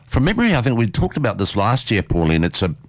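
A man's voice: mid-range voice, huge pitch swings, quick pace, no room sound. A man with an Australian accent hosting a community radio interview in an enthusiastic, chatty way.

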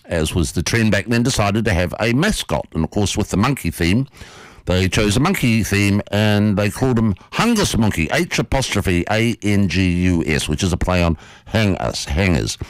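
A male radio host spins a yarn with playful energy. His voice sits low but swoops up and down expressively. The studio sound is close and dry. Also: moderate pace, dry recording. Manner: animated, playful storyteller. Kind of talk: radio storytelling and interview.

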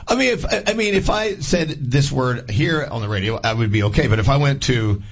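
A man hosting a radio show, telling animated stories and laughing as he goes. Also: medium pitch, a little fast, breathy edge, dull audio. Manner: animated storyteller, laughs through anecdotes. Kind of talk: casual radio chat.

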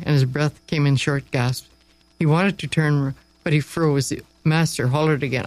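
A man reading a story aloud with expressive, slowed dramatic emphasis. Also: fairly high pitch, rough recording. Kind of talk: read-aloud story narration.

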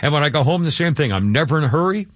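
Man, radio host, rambling casual chat, slightly high voice, dry muffled studio sound. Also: expressive, very fast, dry recording. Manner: rambling, stumbling over words, chuckling asides.

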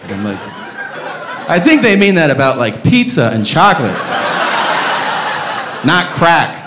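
A man doing a stand-up comedy routine, telling a story in an animated, profane, incredulous way. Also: on the high side, a little slow. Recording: live club, reverb, audience noise. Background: audience laughter.

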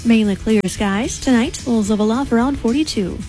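A woman meteorologist reading a scripted radio weather forecast, brisk and upbeat. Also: on the high side, dark tone, faint music behind, rough recording.

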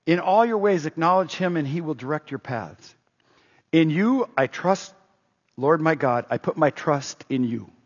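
A man preaching a sermon as pastor, animated, quoting scripture aloud. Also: high-pitched, husky. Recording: roomy hall, dull lo-fi sound.

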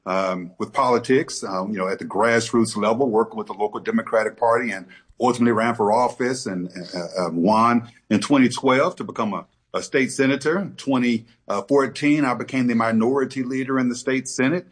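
A middle-aged man from Texas talks in a relaxed, folksy way, full of "you know" and "man." His voice is somewhat husky. He speaks as a guest on a radio interview. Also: medium pitch, brisk. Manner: relaxed, folksy, many fillers. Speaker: politician, guest.

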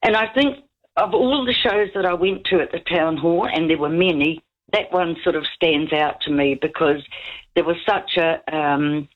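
A woman's voice: low-pitched, normal speed. A woman, calling into a radio show and telling a rambling story while giggling. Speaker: caller. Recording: dull lo-fi radio call line.

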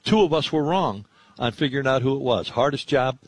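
A man's voice: medium pitch, expressive, a little fast, husky, no room sound. A man hosting sports radio, chatting in a friendly, rambling way about the local games. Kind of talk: casual sports radio talk.

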